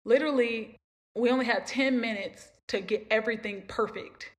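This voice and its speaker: On her podcast, a young woman recounts a long story in a rambling, emotional way, often saying things twice. Her voice is a little high and she talks at normal speed.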